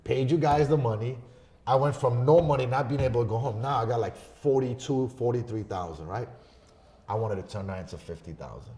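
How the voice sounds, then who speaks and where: A man on a podcast telling a story in a casual, profane way, swinging between loud bursts and hushed asides. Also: mid-range voice, a little fast. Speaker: podcast guest.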